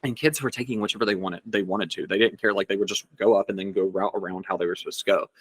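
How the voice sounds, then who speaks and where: Young male podcast co-host, lowish voice, dry sound, chatty and rambling, filler-heavy. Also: steady tone, fast talker, breathy edge, no echo. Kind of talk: casual chat.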